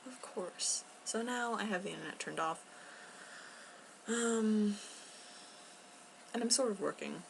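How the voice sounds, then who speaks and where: Quiet rambling young woman vlogger, a bit gravelly. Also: medium pitch, measured pace, pauses often, a little hiss or hum, low-quality recording. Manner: rambling, chatty, filler-heavy with soft laughs; talking quietly, at times near a whisper. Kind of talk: casual unscripted vlog. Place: home, indoors.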